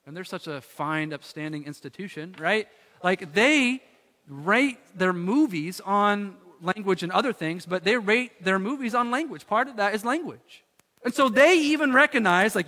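A man's voice: high voice, normal speed, sharp tone, big-room sound. A man preaching a sermon in a conversational way, with filler words and rhetorical questions. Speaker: pastor.

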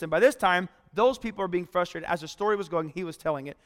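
A pastor preaching a sermon in a conversational way, retelling a story and acting out the voices of the people in it. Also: male voice, high voice, quick pace, big-room sound.

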